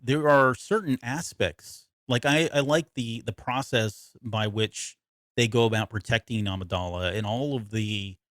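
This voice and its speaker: A man's voice: mid-range voice, unhurried, fairly bright tone, no echo, studio quality. A man co-hosting a podcast in casual chat, rambling and self-interrupting, often laughing. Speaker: podcast co-host.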